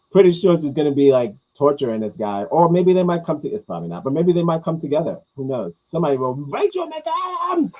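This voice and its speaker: A man hosting a casual talk, rambling through movie news with crude jokes and mumbled low asides. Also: very animated, moderate pace, dark tone, rough recording. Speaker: host reacting to movie news. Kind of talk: casual chat.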